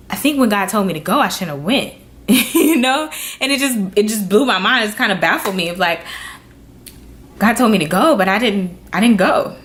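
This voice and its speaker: A young adult woman vlogging to camera, telling a personal story with earnest, animated delivery and acted-out quotes. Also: on the low side. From Florida.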